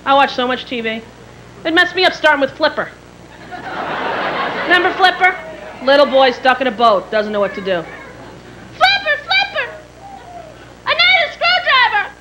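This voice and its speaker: A woman in her thirties, a stand-up comedian telling quick, animated stories with jingles and shrill impressions on a theater stage. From New York area. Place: theater stage before a live audience. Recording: live stage mic with loud audience and hall noise.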